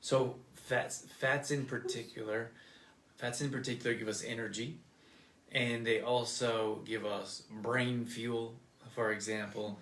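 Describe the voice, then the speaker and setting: A man's voice: medium pitch, flat delivery, unhurried, a bit bright, roomy sound, a little hiss or hum. A man co-hosting a live nutrition show, explaining things in a loose, rambling way with many restarts. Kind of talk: casual live-stream chat.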